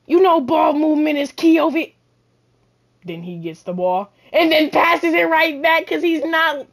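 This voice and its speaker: A woman giving loud, boastful trash-talk commentary while playing a basketball video game, often shouting. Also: sits high, measured pace. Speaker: gamer. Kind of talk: live gameplay commentary.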